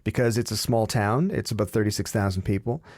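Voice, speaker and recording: Guy, slightly low voice, dry close sound, easygoing anecdote-telling guest. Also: fairly quick, darkish tone, no room sound. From Canada. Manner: chatty anecdotal storyteller. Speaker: interview guest, comedian. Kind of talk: casual interview chat.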